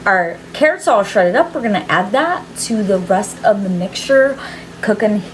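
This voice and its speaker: A woman's voice: medium pitch, expressive, normal speed, a little hiss or hum. A woman cooking in her home kitchen and chatting casually to viewers, giggly and swearing offhandedly. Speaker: cooking vlogger.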